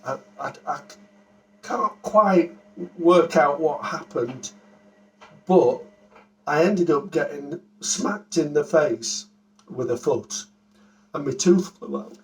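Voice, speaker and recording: A man's voice: animated, slow pace, long pauses, recorded from a distance, a little hiss or hum, low-quality recording. An older man, a grandfather, telling family anecdotes in a casual, rambling way with hesitant fillers. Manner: rambling storyteller, hesitant fillers, breaks into high-pitched impressions.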